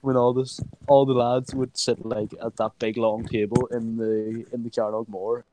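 This is a young man reminiscing with his mates in a loose, casual chat. He rambles through stories with constant "like" fillers and keeps cracking up into high-pitched laughter. His voice sits at an ordinary middle pitch for a man. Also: normal speed, a crowd in the background, poor audio. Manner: animated storytelling, many "like" fillers, breaks into high laughter. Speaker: friend reminiscing.

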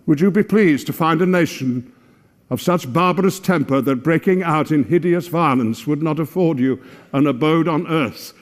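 A man giving a dramatic recitation of a classic speech, measured and declamatory, building to forceful emphasis. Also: a little high. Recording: long hall reverb.

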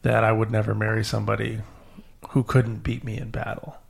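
Guy with a gravelly voice telling a story to a kid, gets animated. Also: on the low side, fairly quick. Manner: animated storyteller, acting out characters. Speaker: podcast host. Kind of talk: storytelling to a child.

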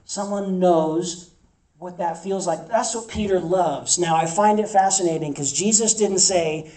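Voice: medium pitch, unhurried, mellow, echoey room, recorded from a distance, rough recording. A campus ministry preacher delivering an emphatic sermon, repeating phrases for effect.

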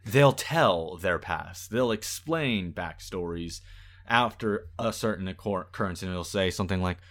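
A man in casual conversation, reviewing a movie with exasperated, animated delivery and acted-out quotes. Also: low voice, measured pace.

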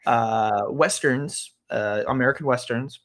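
A man's voice: medium pitch, measured pace, fairly bright tone. A man co-hosting a podcast, talking through a film review thoughtfully, with many fillers and restarts. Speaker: podcast co-host. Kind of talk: casual film review chat.

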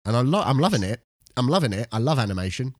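Animated man on a dry podcast mic. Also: mid-range voice, fast talker, no echo. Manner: animated, repeats words while thinking. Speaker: podcast co-host. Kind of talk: casual chat.

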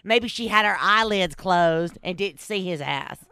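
A woman hosting a podcast, telling stories in casual chat with a lot of swearing, big swings in pitch and frequent laughter. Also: measured pace, bright, forceful tone, smooth, no echo, clean studio sound. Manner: storytelling, reads news aloud with commentary. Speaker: podcast host.

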